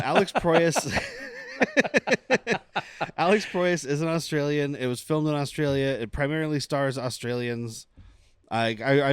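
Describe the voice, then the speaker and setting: Brief: male podcast host, smooth resonant voice, dry close mic, chatty and rambling. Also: fairly high pitch, dry recording. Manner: chatty, laughs often, rambling asides. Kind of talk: casual film podcast chat.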